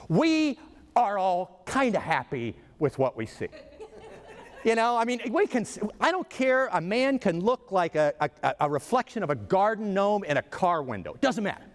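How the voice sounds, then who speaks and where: A man giving a humorous keynote speech, telling stories with comic asides. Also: high-pitched. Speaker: motivational speaker. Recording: reverberant hall.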